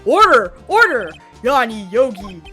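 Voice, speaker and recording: A woman's voice: on the high side, big pitch swings, measured pace, bright, forceful tone, soft background music, full character voice. Woman playing a stern judge, formal, commanding, courtroom game read-along.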